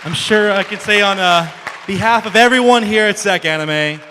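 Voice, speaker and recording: A man closing a convention panel with formal thanks to the guest, his voice a little higher than most. The crowd is loud around him and the hall echoes long. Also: moderate pace, slight background noise. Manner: formal, grateful. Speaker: event staff thanking the guest.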